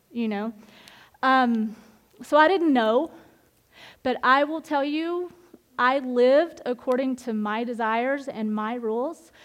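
Middle-aged woman, fairly high pitch; informal devotional teacher, candid and animated. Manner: animated and candid, with frequent laughs and restarts. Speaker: women's Bible study leader.

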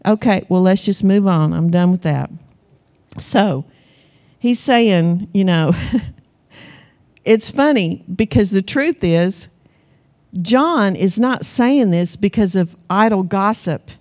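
A woman's voice: medium pitch, takes it slowly, long pauses. A middle-aged woman preaching a sermon, telling family stories with laughter and calling the congregation to answer amen. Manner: animated storytelling, calls the congregation for amens; laughs often as she tells stories.

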